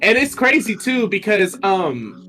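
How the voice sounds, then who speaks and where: A man's voice: high voice, sing-song, measured pace, bright, forceful tone, faint music behind. A man co-hosting a podcast, talking enthusiastically and picking apart what he saw. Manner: enthusiastic, analytical. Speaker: podcast co-host. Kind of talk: casual podcast chat.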